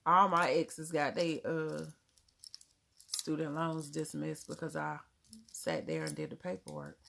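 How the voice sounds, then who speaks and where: A woman's voice: low voice, animated, unhurried, creaky, a bit bright, a little hiss or hum. A woman with a Southern US accent, chatting casually on a livestream and answering viewers, laughing often. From Germany. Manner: drops words, casual grammar. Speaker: livestream host. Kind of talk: casual live chat reading comments.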